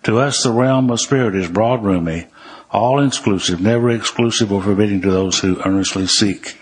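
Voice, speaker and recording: A man's voice: fairly low pitch, moderate pace, breathy edge. An older man, telling stories from his recovery in a folksy way, with dry humor, and reading passages from the book aloud. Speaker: recovery speaker.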